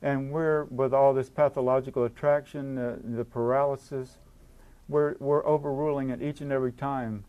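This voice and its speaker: A man's voice: mid-range voice, steady tone, moderate pace, smooth, dull audio. A man speaking at a recovery conference, talking earnestly to an audience, repeating words as he goes and acting out inner voices.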